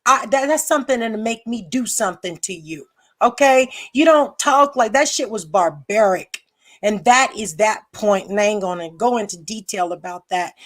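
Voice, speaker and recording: Angry woman ranting on a livestream. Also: on the high side. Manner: angry, blunt, profane, repeats herself. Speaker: livestream host. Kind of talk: heated livestream rant.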